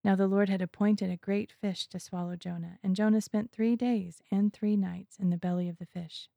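Woman scripture reader, solemn and measured, low dark voice, dry close sound. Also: steady tone, gravelly, no echo. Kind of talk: scripture reading.

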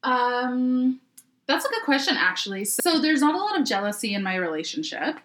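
A woman's voice: high-pitched, moderate pace. A woman guest chatting casually on a podcast, telling stories animatedly and laughing often. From Canada. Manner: animated storyteller, laughs often, playful voices in quotes. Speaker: guest, sex worker.

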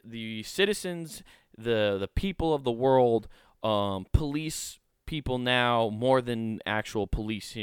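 A male podcast host riffs on news articles, rambling and swearing freely as he jokes along. His voice is smooth and clear, and the recording sounds dry and close. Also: medium pitch, no echo. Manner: rambling, profane, joking.

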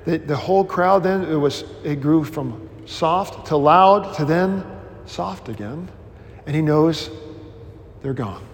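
Teaching a new member class, this male pastor is informal and rambling, slowly weaving animated stories full of restarts and jokes at his own expense. His voice sits on the high side, with a long reverb tail and a little hiss or hum.

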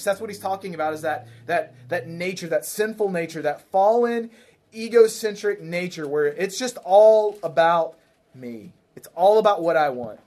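Man, pastor, sermon, conversational, repeats key phrases, asks the congregation questions, slightly high voice. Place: church.

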